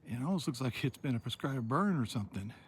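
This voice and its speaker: A man's voice: mid-range voice, expressive, fast, a little hiss or hum. A man telling wry, rambling stories as he walks a forest trail, recording outdoors. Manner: chatty, wry storytelling. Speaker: hiker and vlogger. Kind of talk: rambling walking vlog.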